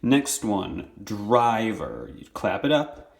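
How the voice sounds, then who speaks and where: A young man with a slightly low voice teaches children a phonics lesson. He sounds out each syllable slowly and patiently and repeats words for his pupils. He records it on a phone held in his hand. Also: very animated, a little hiss or hum. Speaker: elementary school teacher.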